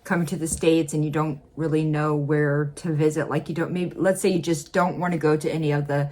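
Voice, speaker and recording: A woman from Illinois reacting to a video in casual, chatty commentary, laughing often and jumping up in pitch when she stresses a point. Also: fairly even intonation, fairly quick, darkish tone. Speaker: reaction vlogger.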